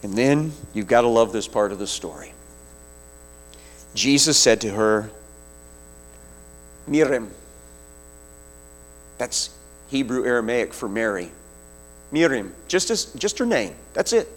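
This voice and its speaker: A man preaching a sermon, retelling a scripture story vividly with slow, deliberate phrasing. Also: mid-range voice, very animated.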